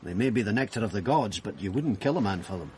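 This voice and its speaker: An actor playing a fussy, flustered wine merchant in a period crime drama. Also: male voice, fairly low pitch, expressive, fast talker, darkish tone, slight background noise, close to an everyday voice. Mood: genial. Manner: fussy, flustered, nervous laughs. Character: fussy, genial older male wine merchant.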